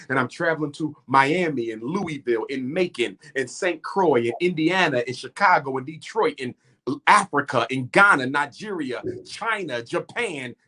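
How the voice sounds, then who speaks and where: A man's voice: medium pitch, bright, forceful tone. A middle-aged man speaking as an interview guest, impassioned and preacher-like, building his points through rhythmic repetition.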